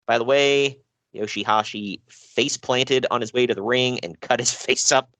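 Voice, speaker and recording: On a casual podcast, a man reads out wrestling news, cracking jokes at his own expense and laughing often. His voice is medium-pitched and fairly bright, with fairly even intonation at a normal speed, recorded with no echo.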